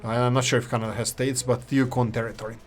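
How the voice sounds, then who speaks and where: A man's voice: medium pitch, little pitch movement, fast, soft background music. A man, hosting casual gameplay commentary in a rambling, opinionated way. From former Yugoslavia. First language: Serbo-Croatian. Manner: rambling, opinionated, self-correcting. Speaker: gaming channel host.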